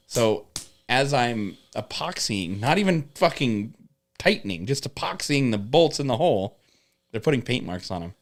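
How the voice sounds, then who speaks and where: A man's voice: medium pitch, normal speed, slight background noise. Swearing man telling job stories. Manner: animated, swears often, acts out coworkers. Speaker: podcast guest telling work stories. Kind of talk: casual storytelling with profanity.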